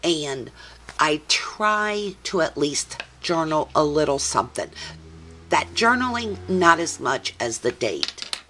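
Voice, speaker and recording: An older woman hosting a scrapbooking video, chatting warmly and sentimentally about her layouts and her grandson at home. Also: low voice, very animated, slow pace, slight background noise. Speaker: scrapbooking channel host. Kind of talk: casual craft video chat.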